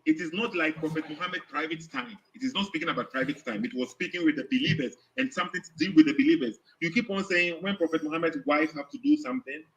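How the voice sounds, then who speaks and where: Halting man on a dull call line. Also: on the high side, fairly bright tone. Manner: halting, repeats and restarts while explaining. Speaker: caller. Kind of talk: religious argument on a call.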